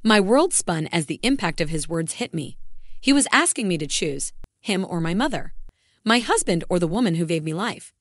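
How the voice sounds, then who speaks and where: A woman's voice: fairly low pitch, animated, moderate pace, no echo, clean studio sound. A woman telling a story in the first person, with scripted, earnest and emotional narration.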